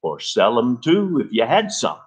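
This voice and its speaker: A man voicing a slow, solemn old rancher in a literary reading, speaking in folksy rural grammar. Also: medium pitch, huge pitch swings, husky, full character voice.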